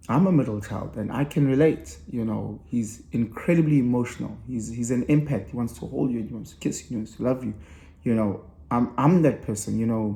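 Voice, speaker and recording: A middle-aged man reflects on being a father in an earnest, rambling way. His voice is mellow and dark, sitting at an ordinary pitch. He restarts his sentences often as he thinks aloud. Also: roomy sound. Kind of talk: reflective personal talk.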